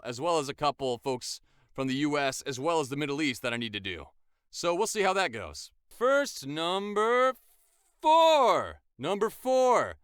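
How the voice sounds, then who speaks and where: A man's voice: mid-range voice, a bit bright, no echo, clean studio sound. A man in his twenties, a voice actor, chatting enthusiastically in a casual vlog. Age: 20s.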